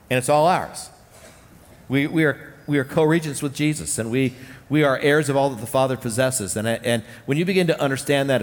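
A male pastor delivers a sermon in an earnest, searching way, circling back to repeat his key lines. His voice sits at an ordinary middle pitch. A long hall reverb trails after each phrase.

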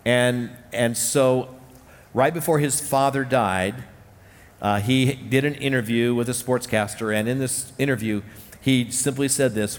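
A man's voice: mid-range voice, steady tone, unhurried. A man preaching a sermon as a pastor, earnest, repeating key phrases and often restarting his sentences. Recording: long hall reverb.

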